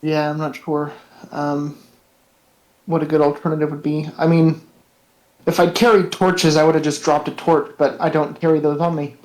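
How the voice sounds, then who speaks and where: A man playing in a tabletop game, talking hesitantly with many pauses. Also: a little high, little pitch movement, a little mellow, low-quality recording. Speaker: player. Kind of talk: casual tabletop play online.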